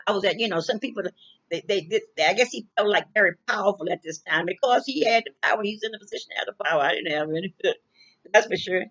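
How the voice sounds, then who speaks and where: An older woman tells a personal story in a loose, conversational way. She circles back, repeats herself and restarts her sentences. Her voice sits at a middle pitch, and the recording sounds dull and lo-fi. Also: fast, a bit bright. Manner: rambling, repeats phrases, restarts often.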